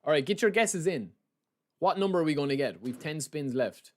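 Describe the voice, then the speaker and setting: A young Irish man streaming a game, chatty and excitable, talking to his chat as "lads" and saying he is sleep-deprived. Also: fairly high pitch, normal speed. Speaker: gaming streamer. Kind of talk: live stream chat while opening game packs.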